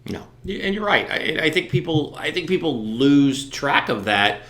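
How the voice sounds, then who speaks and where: Bright-voiced male host in an echoey room. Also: fairly high pitch, very animated, normal speed. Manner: emphatic, opinionated, often gets loud. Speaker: talk show host. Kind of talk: casual interview conversation.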